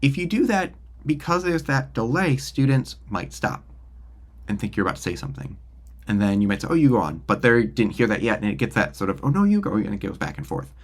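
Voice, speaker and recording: A music teacher gives an online tutorial on virtual classroom setup, demonstrating while he talks casually. His low-leaning voice is brisk with lively intonation, recorded on a studio mic in his green-walled home studio without any room sound.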